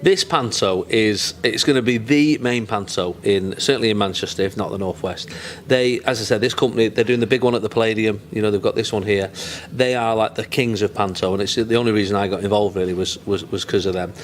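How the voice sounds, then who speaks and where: A man's voice: lowish voice, fairly quick, few pauses. Chatty Mancunian man, jokey. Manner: chatty, jokey, rambling with restarts. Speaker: comedian interview guest. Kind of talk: casual chat.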